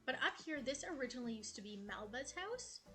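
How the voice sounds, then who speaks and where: Bright, chatty young woman streamer. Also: high voice, big pitch swings, brisk. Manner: chatty and affectionate, cooing at characters. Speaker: gaming streamer. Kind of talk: casual game tour vlog. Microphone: headset. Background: soft game music.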